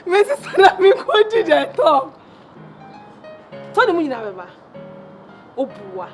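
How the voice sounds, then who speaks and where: A woman's voice: extremely high pitch, wildly swooping pitch, slow pace, soft background music, heavily acted. An actress with a Ghanaian accent playing a flashy young woman who laughs, teases and mixes Twi with English slang as she brags about luxury things. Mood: playful. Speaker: actress in a Kumawood film. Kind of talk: dramatic film dialogue.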